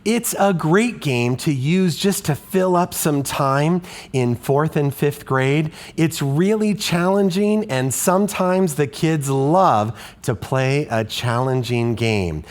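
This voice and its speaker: A man's voice: a little high, sing-song, measured pace, hardly any pauses. A male elementary music teacher who explains a classroom lesson in a patient, questioning tone.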